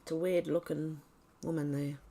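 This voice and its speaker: An Australian woman hosts a livestream, reading posts aloud with casual commentary, stumbling and correcting herself, muttering asides, and now and then coughing or clearing her throat. Her voice sits low and mellow with little pitch movement, at a moderate pace.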